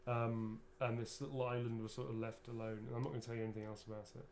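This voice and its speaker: A man's voice: medium pitch, little pitch movement, fast, vocal fry, slight background noise. A man, an actor, chatting casually and rambling through a livestream autograph signing, swearing freely as he goes.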